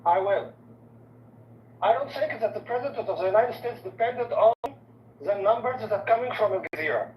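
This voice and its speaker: A man's voice: high-pitched, animated, a little fast, a little hiss or hum. A man who is not an English speaker argues insistently as a caller in a heated debate. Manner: insistent, swears, later apologetic and quieter. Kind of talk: heated debate on a call-in show. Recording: distant, roomy, dull lo-fi line.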